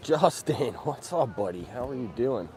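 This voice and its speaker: A man's voice: mid-range voice, expressive, normal speed, darkish tone. A man hosting a casual livestream as he walks around, easygoing and chatty, greeting viewers by name. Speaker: livestream host. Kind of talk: casual livestream chat while walking. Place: outdoors in a busy theme park. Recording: outdoor crowd noise.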